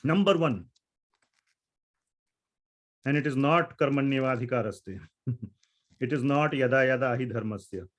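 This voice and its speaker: A man's voice: mid-range voice, unhurried, pauses often. A man giving a scripture lecture, reciting Sanskrit verses and asking his students questions. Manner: explanatory, asks students questions. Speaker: Gita teacher.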